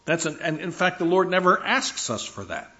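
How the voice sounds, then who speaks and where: A man preaching a sermon, earnest and emphatic, reading scripture slowly and repeating phrases for stress. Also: high voice, big pitch swings, pushed and bright. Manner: reads scripture slowly and deliberately. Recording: dull lo-fi sound.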